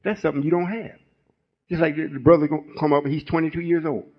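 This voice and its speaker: He talks fast, his fairly high voice keeping a steady tone. A spiritual teacher in his late sixties, he gives a folksy, rambling, sermon-style teaching with call-and-response check-ins, and the recording is muffled and lo-fi.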